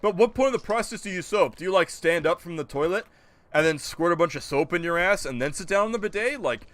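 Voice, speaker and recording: A man's voice: high-pitched, animated, quick pace, a bit bright, no echo. A man streaming a game, chatting casually and ranting in disbelief as he answers his chat. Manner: incredulous, joking rants, answers chat. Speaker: gaming streamer.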